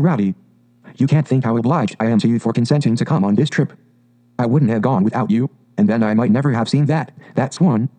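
A man's voice: medium pitch, mellow, natural voice, low-quality recording. Toad, a man voicing a dreamy, rapturous toad. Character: dreamy conceited male toad, car-obsessed. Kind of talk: storybook reading.

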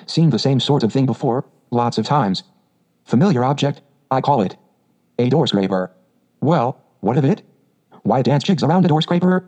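A man's voice: mid-range voice, animated, moderate pace, mellow, natural voice. A man voicing a fussy, complaining male mole in a storybook reading, talking in a pettish, grumbling way on a dull lo-fi recording. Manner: pettish and whiny.

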